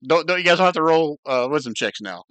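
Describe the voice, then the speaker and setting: A man's voice: a little high, animated, brisk, a bit bright, smooth, no room sound. A man running a tabletop game as game master, describing things casually with many fillers.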